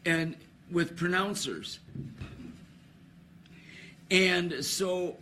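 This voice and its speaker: A man's voice: sits high, very slow, pushed and bright, a little hiss or hum. Laughing, rambling man at a microphone. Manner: rambling, laughing, many restarts. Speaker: trivia contest announcer. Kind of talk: storytelling at an awards ceremony.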